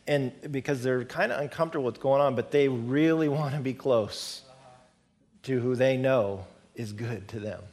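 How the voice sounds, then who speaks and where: In a church sanctuary, a middle-aged male pastor delivers a conversational sermon, repeating words for emphasis and raising his voice on key points. He speaks at normal speed with a medium-pitched, somewhat mellow voice.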